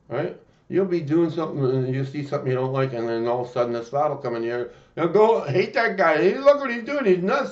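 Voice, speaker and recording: A man's voice: mid-range voice, lo-fi sound. A man hosting a Christian channel, giving an earnest, emphatic spiritual talk in an informal way.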